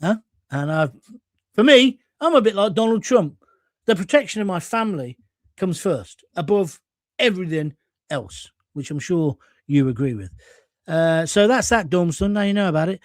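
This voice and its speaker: A man's voice: high voice, animated, moderate pace, no echo, studio quality. A middle-aged man from England hosting a live stream, reading out viewer comments in a blunt, combative, chatty way and swearing freely. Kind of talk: casual live-stream chat.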